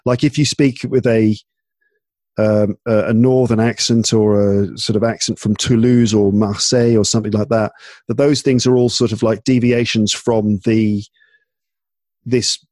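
A tired man from England with an English accent, chatting casually and talking in halting bursts full of restarts and fillers. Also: fairly low pitch, level tone, a little mellow, no room sound, studio quality. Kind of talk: casual chat. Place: home in Paris at night.

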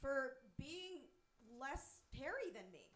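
Female comic heckler, bright and lively, teasing scold, echoey room. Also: high-pitched, takes it slowly. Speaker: comedian interrupting the set. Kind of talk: comedic heckling from the stage. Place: comedy club stage.

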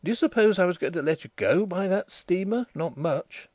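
Gruff bossy young guy in a storybook, a male reader doing him, lively delivery, dry close sound. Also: high voice, normal speed, no echo, pitched above the performer's own voice. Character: impulsive young man, gruff and masterful.

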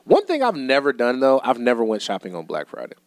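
Co-hosting a studio podcast, a man with a mid-range voice chats casually and talks fast. He tells stories animatedly and laughs a lot, and the recording is dry.

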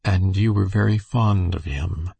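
A man voicing a gentle, tender-hearted young girl who speaks softly and impulsively. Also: low-pitched, creaky, slightly rough, dry recording, heavily acted. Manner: soft and gentle, then rushing.

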